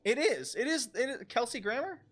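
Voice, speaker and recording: Rambling, excitable gaming streamer man. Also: very high voice, brisk. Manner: rambling, excitable, laughing and swearing. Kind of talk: casual livestream gaming commentary.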